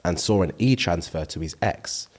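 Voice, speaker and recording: Laughing, animated male podcast co-host. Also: low-pitched, moderate pace. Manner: animated, reads comments aloud and laughs often. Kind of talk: casual chat.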